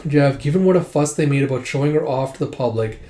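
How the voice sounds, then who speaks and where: A man's voice: mid-range voice, fast talker, warm tone, echoey room. A man casually recapping a comic volume, rambling and stringing quotes together with "it's like". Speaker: comic book reviewer.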